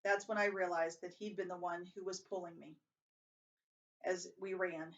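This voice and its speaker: A woman with a level tone reads a novel at a moderate pace, speaking the dialogue higher and louder. She makes a few slips and starts over now and then, and the lo-fi home recording sounds distant and dull.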